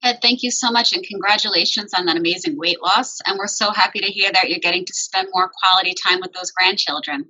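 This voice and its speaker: A woman's voice: medium pitch, fast, hardly any pauses, sharp tone, muffled recording. A woman hosting a tribute event, reading prepared introductions of the honorees. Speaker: event host.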